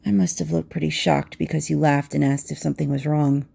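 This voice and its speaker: A woman telling an intimate second-person romance story in a soft voice that slips into whispers. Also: deep voice, flat delivery, brisk, creaky, husky.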